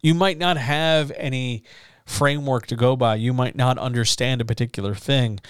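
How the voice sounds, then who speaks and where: A man's voice: medium pitch, normal speed, clear, resonant tone, dry recording. Man, writing coach, casual advice talk, frank, reassuring, dry close sound.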